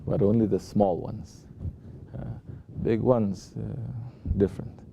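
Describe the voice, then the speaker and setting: Low gravelly guy giving a sermon, keeps asking the room if they get it. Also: fairly even intonation, warm tone, slight background noise. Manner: unhurried, checks in with the listeners with repeated rhetorical questions. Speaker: sheikh giving a talk at a Sufi lodge.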